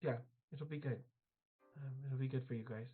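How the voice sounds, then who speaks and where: A man playing his character in a tabletop game, soft and hesitant with fillers. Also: medium pitch, steady tone, moderate pace, breathy edge. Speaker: player. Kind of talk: in-character tabletop role-play. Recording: tinny phone-like audio with faint music.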